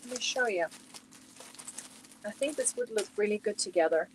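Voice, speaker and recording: A woman's voice: medium pitch, expressive, normal speed, noisy background. A woman hosting a casual crochet livestream from home, chatting and reacting to viewer comments as she shows yarn. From Germany.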